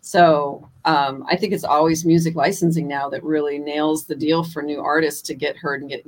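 A woman chatting casually on a podcast, quick and upbeat, telling lively everyday examples. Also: sits low. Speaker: guest, musician's wife.

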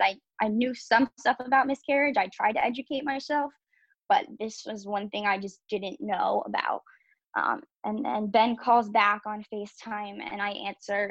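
A young woman shares her own story as a podcast guest, speaking candidly and dropping frequent "um"s and "like"s. Her voice has a gravelly, creaky edge and stays fairly level in pitch. The recording is dry and slightly dull. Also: no echo. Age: young adult. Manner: candid, filler-heavy with frequent "um" and "like". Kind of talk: personal storytelling.

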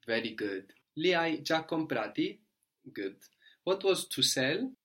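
A man teaching a language lesson, explaining patiently step by step and checking understanding with a quick "no?". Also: a little high, very animated, fairly bright tone.

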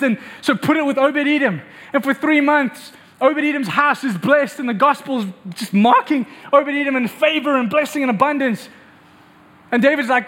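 High-voiced preacher man, animated. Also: moderate pace. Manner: animated storytelling with acted quotes. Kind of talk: sermon.

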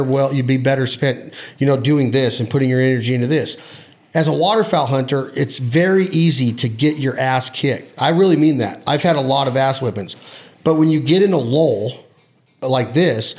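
Emphatic, salty hunting podcast host. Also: male voice, on the high side, a little mellow. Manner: emphatic, swears freely, ribbing. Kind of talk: casual hunting chat.

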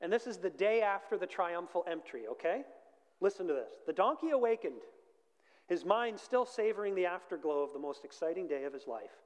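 A man preaching a sermon and leading a prayer, earnest, swelling loud and then dropping to near quiet. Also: high voice, animated, brisk, long reverb tail. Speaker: pastor.

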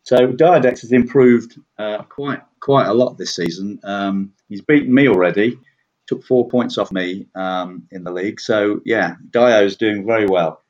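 A man's voice: lowish voice, unhurried, a little mellow. A man chatting casually and self-deprecatingly about his league standings, rambling with many fillers. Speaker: league player reviewing standings. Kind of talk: casual podcast chat. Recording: dull lo-fi audio.

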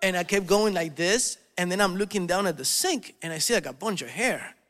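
A man preaching a sermon as pastor, animated and telling stories, often acting out the voices of people he quotes. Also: sits high, brisk. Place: church hall. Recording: long reverb of a hall.

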